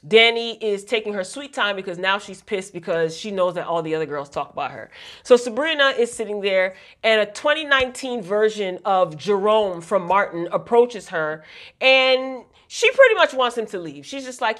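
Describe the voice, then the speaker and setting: A woman's voice: mid-range voice, lively intonation, normal speed, a bit bright. A woman reviewing a TV episode in a casual vlog, chatty and opinionated, often exasperated with the writing. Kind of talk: casual recap commentary.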